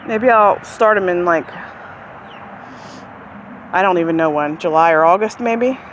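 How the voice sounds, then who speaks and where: In a muffled recording with slight background noise, a woman speaks a little slowly while touring her vegetable garden outdoors, addressing the camera as she walks. The gardening vlogger is chatty and rambling, sings to her chickens in a high voice, and faint birdsong and clucking come from the backyard around her.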